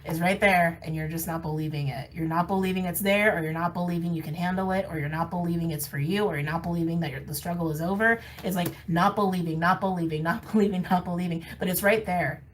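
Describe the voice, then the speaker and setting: A woman's voice: on the low side, steady tone, fast, hardly any pauses, far from the mic, a little hiss or hum, low-quality recording. A woman giving a casual tarot card reading, candid and emphatic, often laughing and repeating phrases for emphasis. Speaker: tarot reader. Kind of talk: casual intuitive reading to camera.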